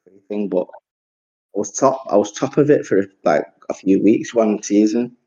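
Warm and husky, his fairly low voice moves at a moderate pace as he co-hosts a podcast. He rambles through casual chat and curses freely, all on dull, lo-fi audio.

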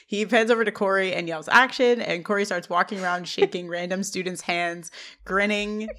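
A woman co-hosting a podcast, recapping a sitcom episode scene by scene in a casual, animated way and laughing often. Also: mid-range voice, fairly quick. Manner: animated, laughs often, reads quotes with lively emphasis. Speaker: podcast co-host.

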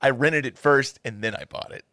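A man's voice: medium pitch, normal speed, pushed and bright. A man hosting a movie podcast in casual chat, repeating words as he starts his sentences. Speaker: podcast host.

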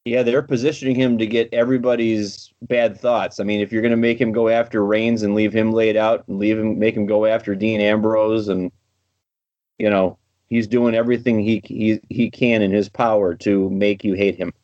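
Low-voiced calm man, dull dry sound. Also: normal speed. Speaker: podcast co-host. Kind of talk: casual wrestling chat.

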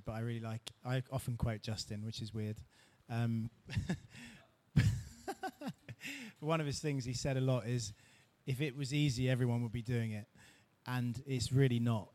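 A man's voice: medium pitch, fairly even intonation, moderate pace, hardly any pauses, dark tone. A man giving a short, encouraging talk at an event. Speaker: event speaker.

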